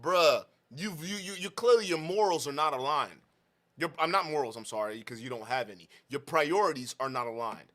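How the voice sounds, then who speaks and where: Bright-voiced mocking young man. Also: a little high, a little fast. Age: 20s. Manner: mocking, laughs often. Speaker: reaction commentator. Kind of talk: reaction video commentary.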